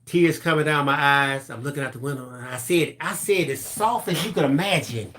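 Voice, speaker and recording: A man's voice: fairly high pitch, a little fast. A middle-aged man co-hosting a live crafting stream, telling a story in casual chat and acting out the voices of the people in it. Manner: animated storyteller, acts out voices, laughs through lines.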